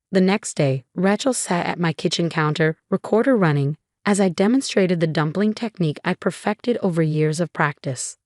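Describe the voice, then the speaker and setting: A woman with a somewhat low voice narrates a scripted first-person story. She speaks evenly and with measured control. The sound is dry and close, with no room around it. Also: a little mellow, no room sound.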